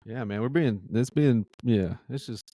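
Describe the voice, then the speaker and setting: A man's voice: medium pitch, a little slow, warm tone. A man co-hosting a podcast, chatting casually, joking and teasing. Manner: joking, teasing, throws in mock voices. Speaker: podcast co-host.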